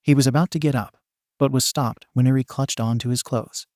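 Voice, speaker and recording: A man narrating a fan fiction story in a plain, steady reading. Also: medium pitch, brisk, no room sound, studio quality.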